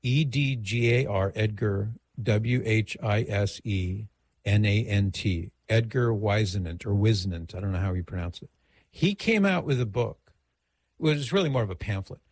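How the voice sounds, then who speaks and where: A man's voice: fairly low pitch, moderate pace, no echo. A middle-aged man hosting a radio call-in show, giving advice in a conversational, digressive way.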